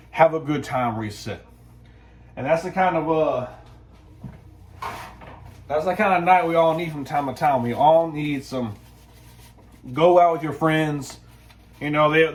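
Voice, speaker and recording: Laid-back man, rambling. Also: a little high. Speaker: vlogger. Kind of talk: casual storytelling monologue.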